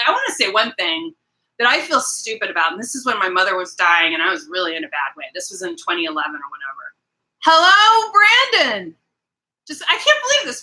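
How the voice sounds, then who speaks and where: Bright emphatic woman hosting a livestream. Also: mid-range voice, low-quality recording. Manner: rambling, emphatic, talks to chat directly. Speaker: livestream host. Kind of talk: casual live chat with viewers.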